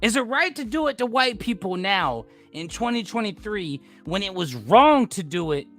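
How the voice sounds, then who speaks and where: An American man on a livestream, ranting hard and cursing freely. His voice is bright and forceful and swings widely up and down as he repeats points and argues with his viewers. Faint music plays behind him. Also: high-pitched, big pitch swings, normal speed. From United States. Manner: ranting, profane, repeats himself, argues with chat. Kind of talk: heated casual rant.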